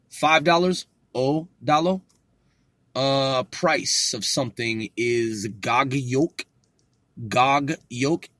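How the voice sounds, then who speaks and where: Laid-back guy reading out vocab notes, slow and loose, cussing and joking, dry close mic. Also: mid-range voice, dry recording. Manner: relaxed, swears, jokes, sounds out words from his own notes. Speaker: self-taught learner teaching vocabulary. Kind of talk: casual solo study podcast.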